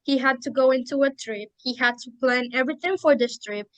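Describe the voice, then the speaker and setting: High-voiced excitable young woman, dry sound. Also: a little fast, dry recording, poor audio. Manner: emotional fan, acts out quotes. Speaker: podcast co-host or guest. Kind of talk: casual chat.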